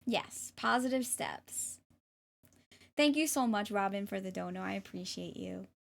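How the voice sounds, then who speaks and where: A woman's voice: medium pitch, animated, measured pace, gravelly. A woman streamer and tarot reader chatting casually on a livestream, reading chat aloud and thanking viewers in a bubbly way, at times trying a playful English accent. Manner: jokingly puts on an English accent.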